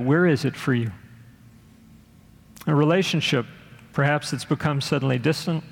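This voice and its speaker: Gravelly-voiced man preaching in a hall. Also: a little high. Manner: earnest preaching, acting out quoted voices. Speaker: pastor. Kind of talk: sermon. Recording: long hall reverb.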